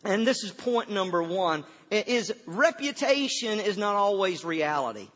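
A man's voice: high-pitched, sing-song, moderate pace, a bit bright. An older man, a pastor, preaching a folksy sermon and often repeating his first words before a thought. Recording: dull sound with long hall reverb.

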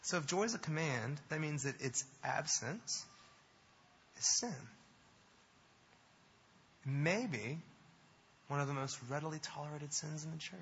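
A male pastor preaching a sermon, emphatic, building to animated repetitions. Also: on the high side, unhurried, pauses often, a little hiss or hum. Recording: dull sound in a long-reverb hall.

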